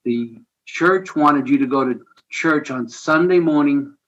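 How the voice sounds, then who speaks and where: Slightly high in pitch and measured in pace, a man tells a personal story as a podcast guest, and the recording is muffled. The ministry founder is earnest and conversational, bringing animation and chuckles to his retelling.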